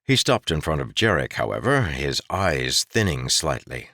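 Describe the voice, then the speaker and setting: A man narrates a fantasy novel in a steady storytelling manner. His voice is deep, with plenty of movement in pitch. The recording is close and dry. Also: moderate pace, no echo. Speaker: audiobook narrator. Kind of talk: scripted narration.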